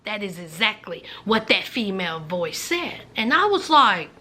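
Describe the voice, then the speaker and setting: A woman's voice: medium pitch, very animated, unhurried, sharp tone. A woman, telling a personal story in a vlog, dramatic and speaking straight to her viewers as friends, sometimes dropping to a whisper. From rural Virginia. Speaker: vlogger.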